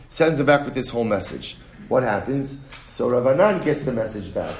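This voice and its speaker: A man teaching a text study lesson in an animated way, full of rhetorical questions. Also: mid-range voice, normal speed. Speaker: Talmud teacher. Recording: roomy echo.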